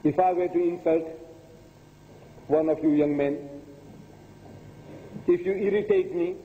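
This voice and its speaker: A man's voice: on the high side, unhurried, a little hiss or hum. Older man preaching in a tinny echoing hall. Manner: emphatic, repetitive, rhetorical questions. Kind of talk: religious lecture. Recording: tinny phone-like audio in a long-reverb hall.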